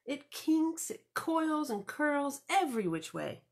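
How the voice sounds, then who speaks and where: A woman librarian reading a picture book aloud to children, expressive and storytelling, with chatty asides. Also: sits high, takes it slowly.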